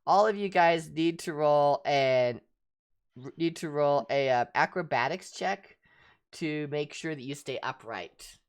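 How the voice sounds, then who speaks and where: A woman narrating as game master of a tabletop game, animated and prone to restarting sentences. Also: deep voice, a little slow, smooth.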